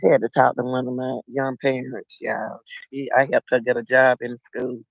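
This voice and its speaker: A man's voice: medium pitch, little pitch movement, normal speed, vocal fry, dry recording, muffled recording. A middle-aged man hosting a casual livestream, rambling and chatting directly to his viewers. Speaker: livestream host.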